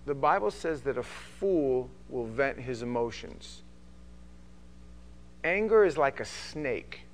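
A male pastor preaching an animated sermon, acting out conversations and swinging from quiet talk to shouting. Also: mid-range voice, slow pace. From from an Italian Sicilian family.

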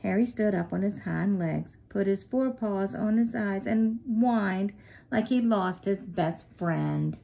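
Woman, storyteller, children's story, steady, gravelly, mid pitch. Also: a little slow. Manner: steady, clear narration.

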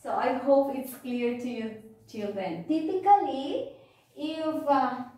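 A woman's voice: high voice, takes it slowly, dark tone. A woman teacher giving a phonics lesson to children, patiently repeating words and checking understanding. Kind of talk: slow classroom phonics lesson. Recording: echoey room, distant mic.

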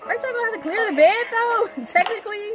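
A woman's voice: very high voice, fast, loud music behind the voice. A woman hosting a reaction video, playful and teasing, commenting in slang.

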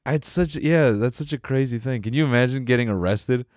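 A man's voice: medium pitch, a little fast, a little mellow, dry recording, clean studio sound. A man co-hosting a podcast in casual comedic chat, laid-back, swearing often and laughing a lot. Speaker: podcast co-host.

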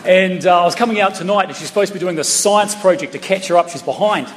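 A man's voice: sits high, quick pace, slight background noise. A middle-aged man with a New Zealand accent telling stories in a chatty stand-up set with playful asides to the crowd. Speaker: stand-up comedian. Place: large town hall stage. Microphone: stage mic through PA. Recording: echoey hall from a distance. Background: audience laughter.

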